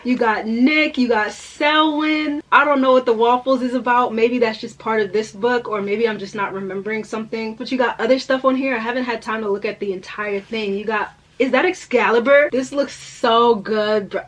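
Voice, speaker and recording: A young woman vlogging about books in a casual, gushing, excitable way full of slang. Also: on the high side, fairly quick, few pauses. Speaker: book vlogger. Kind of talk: casual chat to camera.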